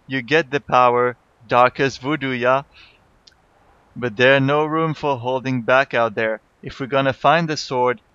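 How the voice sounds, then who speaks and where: Brief: man voicing a scheming game troll with a heavy troll accent, rolling lilt, slow and smooth. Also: medium pitch, a bit bright, no room sound, dull audio, lightly acted. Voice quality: put-on island lilt, rolling and emphatic. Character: male jungle troll blood-mage, scheming and boastful.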